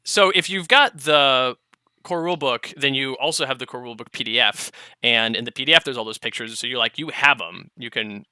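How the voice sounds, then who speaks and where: A man hosting a podcast, chatting casually and reading out listener letters, often trailing off quietly at the ends of phrases. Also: mid-range voice, a little fast, clean tone, no room sound, studio quality. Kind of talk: casual chat.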